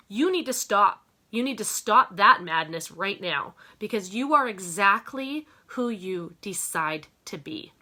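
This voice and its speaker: A woman's voice: medium pitch, animated, a little slow, hardly any pauses, sharp tone. A woman business owner giving an emphatic motivational talk, repeating phrases for effect and calling her listeners "you guys". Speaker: network marketing business owner.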